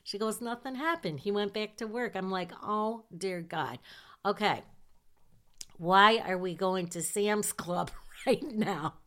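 A woman who works as a nurse, telling a personal story in a lively, chatty way, dropping to hushed asides for effect. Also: medium pitch, slow.

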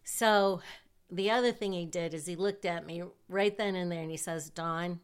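A woman's voice: on the low side, normal speed, clean tone. A middle-aged woman from Michigan telling a casual personal story, self-deprecating and often laughing as she talks.

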